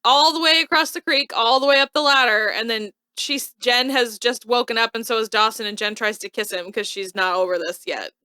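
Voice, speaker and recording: A woman co-hosting a show, chatting casually as she recaps an episode with lots of "like" and quick asides. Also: fairly high pitch, clear, resonant tone, dry recording. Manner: lively, animated retelling with frequent "like". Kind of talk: casual chat.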